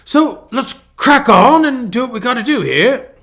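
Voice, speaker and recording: A man's voice: very high-pitched, expressive, a little slow, gravelly, a bit bright, pitched above the performer's own voice, heavily acted. A man doing a feeble imitation of a cheerful British man with a British accent, urging everyone to keep going. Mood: upbeat. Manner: hammy, feeble imitation, upbeat.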